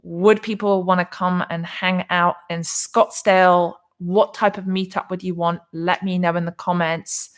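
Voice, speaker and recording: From her condo in Arizona, a woman from England hosts a casual crypto livestream, reading viewer comments aloud and rambling with many restarts and fillers. Her voice is on the low side with a flat delivery, at a measured pace with few pauses.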